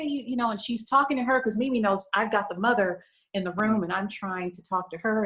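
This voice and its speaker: A lingerie shop owner from the United States sits as a guest on a talk show, recounting an emotional story in a sincere, conversational style with frequent "you know." She has a mid-range, fairly bright voice, recorded in low quality.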